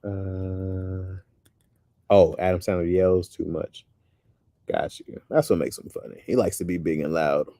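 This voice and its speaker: A man chatting casually with his viewers in a loose, animated way, often calling people "bro". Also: low-pitched, unhurried, dry recording, clean studio sound. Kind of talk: casual chat.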